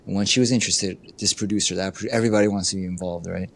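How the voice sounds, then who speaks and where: A man's voice: sits low, fairly even intonation, racing, creaky, a bit bright. A middle-aged man, a life coach, telling candid stories in an interview, acting out the people he quotes and saying "you know" often. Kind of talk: candid conversational storytelling.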